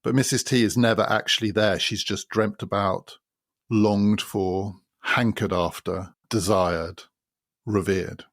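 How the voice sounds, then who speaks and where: Low gravelly guy hosting a podcast, calmly retelling a book, dry sound. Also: no echo. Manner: measured, storytelling explanation. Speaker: podcast host. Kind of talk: explaining a novel.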